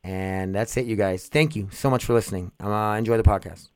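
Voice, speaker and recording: A man's voice: on the low side, a little fast, clear, resonant tone, no echo, studio quality. A man hosting his own podcast, rambling in a goofy, profane, casual way. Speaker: podcast host.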